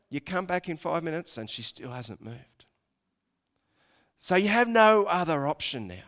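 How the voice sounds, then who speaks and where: A man preaching a sermon to a congregation, telling a story with hushed dips and sudden dramatic lifts. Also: high-pitched. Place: church hall with congregation. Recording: long reverb of a large hall.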